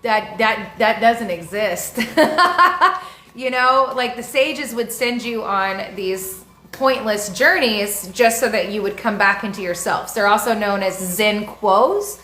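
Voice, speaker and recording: A woman's voice: medium pitch, takes it slowly, sharp tone, roomy sound. A woman astrologer teaching in a casual, frank, slangy way and laughing often. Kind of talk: casual spiritual teaching monologue.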